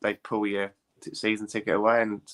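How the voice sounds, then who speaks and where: Man, panelist, lowish bright voice, rapid chatty patter, leans on tag questions. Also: monotone. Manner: quick, chatty, asks for agreement with tag questions. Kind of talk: casual chat about football.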